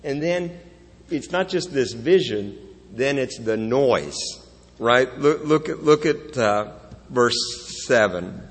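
A man's voice: medium pitch, animated, slow, slightly rough. A man pastor delivering a sermon in an earnest, conversational way, asking rhetorical questions and restarting phrases as he goes. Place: church sanctuary. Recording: long reverb of a church hall.

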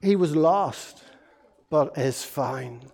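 A man playing a loving old father, slow and emphatic. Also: high voice, sing-song, clear, resonant tone. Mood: tender. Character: loving old father welcoming his son home.

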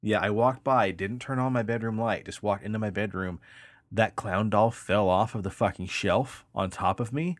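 Low-voiced male co-host, profane storyteller, dry sound. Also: moderate pace, no room sound. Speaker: podcast co-host. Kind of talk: casual storytelling chat.

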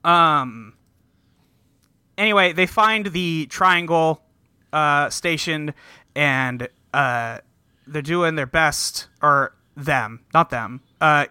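A man hosts a podcast and chats loosely through an episode recap, swearing freely and laughing along. His tone is sharply bright and a touch high. The sound is close and completely dry. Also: extremely slow, smooth, no room sound. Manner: profane, rambling, laughing. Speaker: podcast host. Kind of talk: casual recap chat.

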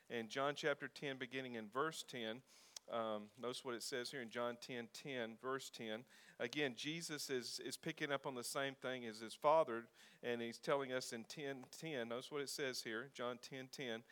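A male pastor delivers a sermon in an easygoing, conversational manner, with a smooth and resonant voice at a middle pitch. He pauses on fillers and reads scripture passages aloud between his own remarks. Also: fairly even intonation, fairly bright tone.

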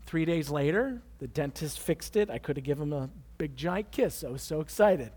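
A man's voice: fairly high pitch, sing-song, normal speed, a little mellow, slightly rough. A man preaching a conversational sermon, telling a personal story and joking with the congregation. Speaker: pastor.

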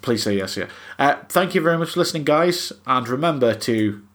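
A man's voice: mid-range voice, animated, fairly quick, fairly bright tone. A man co-hosting a podcast, stuffy-nosed from a cold, easygoing and teasing. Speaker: podcast co-host. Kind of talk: casual podcast chat.

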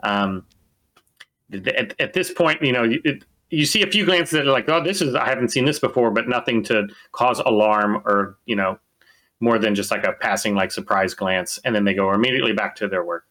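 Bright male game master who narrates casually and rambles with lots of fillers. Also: on the low side, moderate pace.

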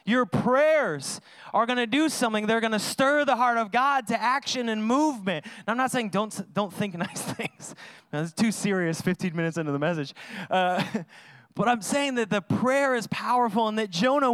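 A man preaching a sermon in a conversational, energetic way, with sudden loud emphases. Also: high-pitched, normal speed, smooth, no echo. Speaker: pastor.

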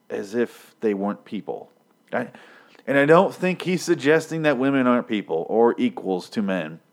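A man giving a mock-serious, faux-scholarly breakdown of song lyrics in a deadpan comedic style. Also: mid-range voice. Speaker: comedic commentator.

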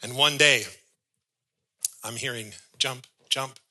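Male pastor, sermon delivery, storyteller who acts out dialogue, bright and forceful voice. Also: medium pitch, takes it slowly, slightly rough, rough recording.

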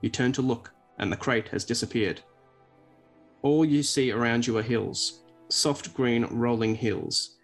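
A man reading a choose-your-own-adventure storybook aloud in a lively way. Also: medium pitch, a little slow, faint music behind. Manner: lively read-aloud, breaks off to laugh.

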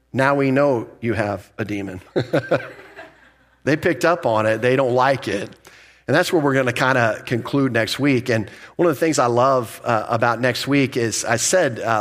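A man as a pastor preaching an expository sermon, conversational and animated, building up emphasis as he makes a point. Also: mid-range voice.

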